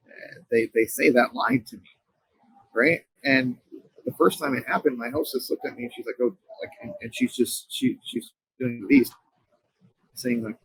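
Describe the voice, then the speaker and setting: A man with a husky, slightly breathy voice recounts a personal story as an interview guest. He talks earnestly, often stopping and restarting mid-sentence. The sound is dry and close. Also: mid-range voice, dry recording, poor audio. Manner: earnest, halting, frequent restarts. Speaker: company co-founder, interview guest.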